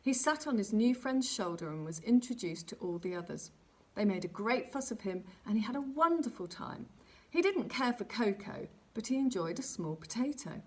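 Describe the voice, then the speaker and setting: A woman reading a children's story aloud, narrating gently and expressively. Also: a little high, big pitch swings, normal speed, breathy edge.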